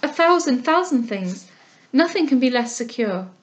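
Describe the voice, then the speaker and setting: A woman reading a novel aloud, voicing a kind, composed young heiress who speaks in a gentle, measured way. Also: sits high, expressive, pitched above the performer's own voice. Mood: gentle, earnest.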